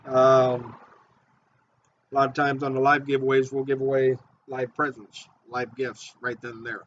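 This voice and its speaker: A man who makes fishing baits and guides charters, giving an excited, repetitive how-to talk. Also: mid-range voice, moderate pace, a little hiss or hum. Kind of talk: casual how-to video talk. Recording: dull lo-fi audio.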